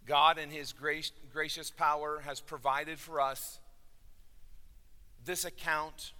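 A man preaching a sermon, swinging from loud declarations to hushed, low endings. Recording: reverberant hall.

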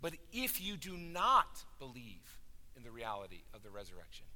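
A man preaching a sermon, swinging from loud declarations to hushed, low endings. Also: wildly swooping pitch, unhurried. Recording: reverberant hall.

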